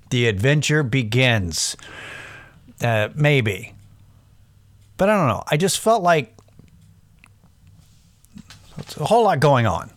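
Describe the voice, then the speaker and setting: A man's voice: medium pitch, no room sound. A man talks straight into a close mic in a dry, dead room. He speaks in a middle register, rambling and self-deprecating, swearing freely as he wanders off topic and back while coaching listeners through a sobriety pep talk. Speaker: podcast host.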